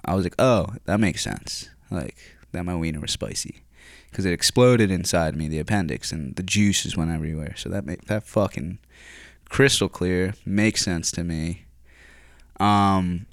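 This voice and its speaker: A young man with a low voice tells a rambling story in a loose, profane ramble. He sounds close to the mic in a dry room with no echo. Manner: rambling, profane, swears constantly. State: recovering from surgery. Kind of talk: casual storytelling.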